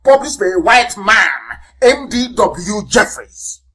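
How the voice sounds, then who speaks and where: A man's voice: animated, takes it slowly, poor audio. Emphatic man giving a radio address. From Nigeria. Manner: emphatic, repeats phrases and spells words out letter by letter; swings between loud outbursts and low, quiet asides. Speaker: movement leader broadcasting on radio.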